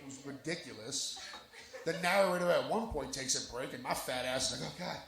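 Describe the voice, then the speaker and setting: Brisk and a bit bright, with vocal fry in his mid-range voice, this comedian works a lounge stage live. He spins raunchy stories at his own expense into the mic, and the room is echoey and noisy.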